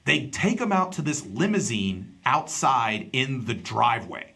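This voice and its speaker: A man's voice: mid-range voice, measured pace, gravelly, hardly any pauses, husky. A man hosting a podcast, telling a story in casual chat and acting out the people in it. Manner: animated storyteller, acts out quoted people. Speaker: podcast host and stand-up comedian.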